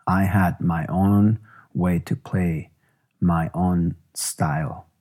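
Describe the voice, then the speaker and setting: A man, a musician, narrating his own memoir in a measured, reflective way. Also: low voice, steady tone, a little mellow.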